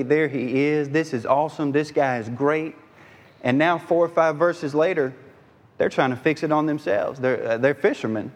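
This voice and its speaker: A man preaching a sermon, animated and conversational, dropping into the voices of the figures in his story. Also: fairly high pitch, vocal fry. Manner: animated, dips into voices of disciples and Jesus. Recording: long hall reverb.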